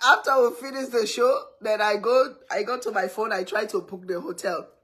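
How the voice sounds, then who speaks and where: A woman telling a story casually, animated and laughing often as she acts out others shouting. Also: medium pitch, moderate pace, breathy edge. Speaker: cooking vlogger.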